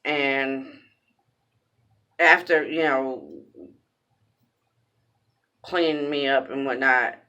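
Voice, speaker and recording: A woman's voice: very deep voice, drawn-out words, pauses often, pushed and bright, muffled recording. A woman telling a personal story in a casual vlog, cursing bluntly, repeating phrases for emphasis, raw and emphatic.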